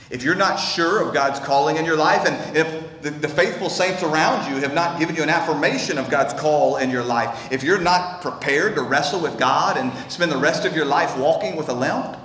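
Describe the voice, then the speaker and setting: A man's voice: mid-range voice, a bit bright, a little hiss or hum. A male pastor preaching an earnest, intense sermon in a church, often stammering and repeating words as he builds. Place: church sanctuary. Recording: echoey hall with faint ambience.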